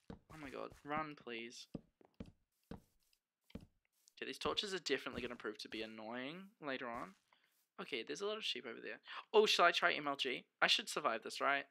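Gravelly, bright-voiced young man streaming a game. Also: mid-range voice, normal speed, pauses often, a little hiss or hum. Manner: chatty, sweary, bursts of excited exclamations; talks to the chat and himself as he plays. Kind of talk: casual gameplay commentary.

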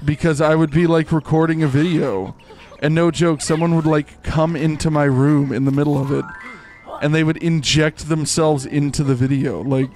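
Goofy, excitable young man streaming a game. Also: fairly high pitch, normal speed. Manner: goofy, excitable, rambling with many "like"s. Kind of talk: live gameplay commentary. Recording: faint game music behind.

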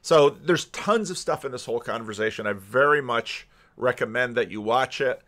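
A man's voice: medium pitch, moderate pace. A man hosting a commentary channel, talking casually and musing over a debate clip, restarting his sentences often. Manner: musing, restarts often, animated when he mimics others.

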